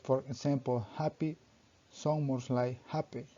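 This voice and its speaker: Young male student reading his presentation, mellow voice, careful and halting, muffled lo-fi sound. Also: medium pitch, steady tone. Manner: halting reading, often restarting sentences with "so". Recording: dull lo-fi recording.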